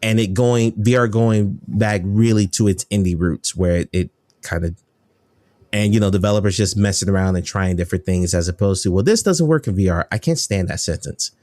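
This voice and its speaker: Low-voiced, dry-sounding American games journalist. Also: male voice, flat delivery, normal speed, darkish tone, no room sound. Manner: rambling, self-correcting, enthusiastic. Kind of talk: casual podcast chat.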